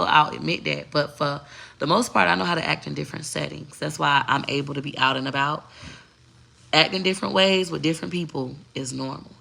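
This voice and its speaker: A middle-aged woman content creator rants candidly straight to camera, blunt, profane and emphatic. Her voice sits low, gravelly and sharp.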